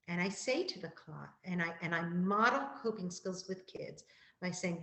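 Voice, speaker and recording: A woman school counselor giving a calm, gentle, explanatory presentation to parents, repeating key phrases. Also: on the low side, moderate pace, echoey room, poor audio.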